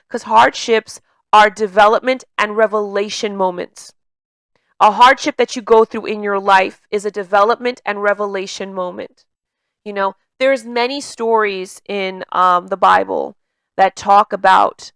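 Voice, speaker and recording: A woman's voice: mid-range voice, fairly bright tone, smooth, no echo. Woman coach with a slight stutter. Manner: repeats words mid-sentence, slight stutter; conversational, many fillers like "you know" and "like". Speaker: emotional intelligence coach. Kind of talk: casual coaching monologue.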